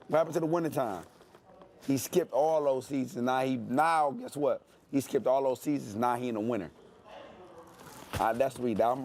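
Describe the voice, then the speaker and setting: A man talks like a boxer hyping his next fight. His trash talk is brash and boastful, built on phrases he repeats for effect. His voice sits at an ordinary middle pitch. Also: darkish tone. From Detroit, USA. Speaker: professional boxer. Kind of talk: animated interview talk.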